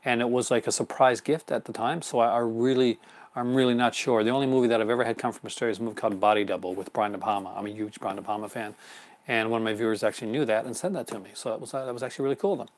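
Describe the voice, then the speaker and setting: A man's voice: medium pitch, fairly even intonation, very fast. A man hosting a live unboxing stream in casual chat, rambling and chuckling often. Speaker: host.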